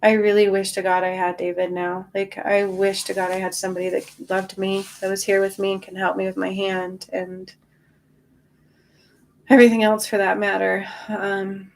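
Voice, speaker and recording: A woman of middle pitch talks in a casual livestream, tired but reassuring, answering her viewers one by one. Her voice comes through a phone or webcam mic. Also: flat delivery, moderate pace, gravelly. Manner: chatty, reassuring, reads and answers viewer comments. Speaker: spiritual livestream host.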